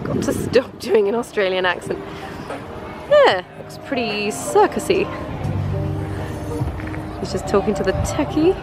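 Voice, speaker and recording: Vlogger, female: slow, bouncy, giggly asides, loud music behind. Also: a little high, very animated. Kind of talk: casual vlog commentary. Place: outdoors at a city festival.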